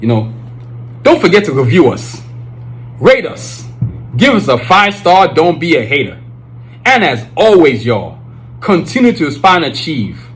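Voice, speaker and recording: Man, podcast host, husky voice, preachy, emphatic casual talk. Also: a little high, huge pitch swings, measured pace, long pauses, faint music behind, poor audio. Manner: emphatic, preachy, lots of filler phrases. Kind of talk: casual monologue.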